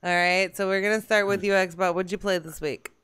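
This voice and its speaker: A woman hosting a casual gaming podcast, bubbly and quick to tease her co-hosts. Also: mid-range voice, steady tone, a bit bright, smooth. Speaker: podcast host.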